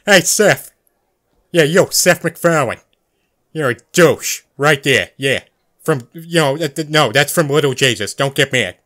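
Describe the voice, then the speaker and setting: A man's voice: a little high, lively intonation, unhurried, a bit bright. A man doing Peter Griffin, brash cartoon dad. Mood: goofy. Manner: goofy, brash, hosting an online comedy night. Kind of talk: voice chat impressions.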